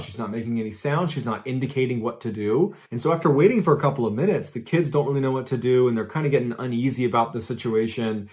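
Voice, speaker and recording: A man in the host's seat telling a creepy true story in a relaxed, conversational way. His voice sits at an ordinary middle pitch. He leans on key moments and builds suspense with steady emphasis. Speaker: host and storyteller. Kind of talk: casual storytelling.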